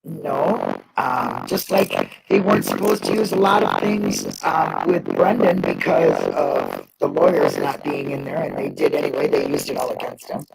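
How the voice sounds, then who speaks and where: A woman's voice: a bass voice, very animated, moderate pace, vocal fry, music in the background, rough recording. A woman co-hosting a livestream in casual chat, rambling and joking and laughing often. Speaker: co-host of a livestream.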